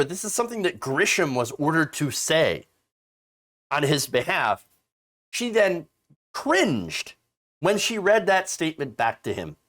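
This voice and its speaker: A man with a high-sitting voice hosts a casual political commentary video, sounding sarcastic and animated and using lots of filler words.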